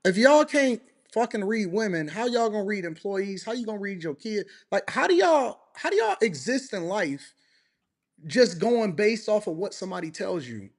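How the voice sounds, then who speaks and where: A man's voice: sits high, big pitch swings, normal speed. A man hosting a podcast, ranting in casual chat with repeated, profane rhetorical questions. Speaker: podcast host.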